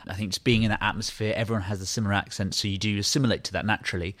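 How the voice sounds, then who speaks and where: A man working as a political correspondent, explaining things briskly on a podcast. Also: on the low side, flat delivery, fairly bright tone. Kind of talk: analytical podcast commentary.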